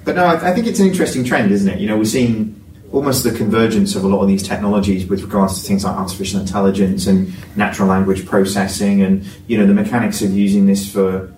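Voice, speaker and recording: A man's voice: on the low side, steady tone, fast, darkish tone. A man co-hosting a podcast in casual panel chat, rambling with lots of fillers. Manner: rambling, filler-heavy, self-deprecating. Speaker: podcast co-host. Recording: echoey room, distant mic, faint noise.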